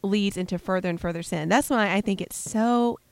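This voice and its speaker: A woman co-hosting a casual Bible discussion podcast, talking in an animated, emphatic way and teasing her co-hosts. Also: medium pitch, moderate pace, dry recording. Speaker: podcast co-host.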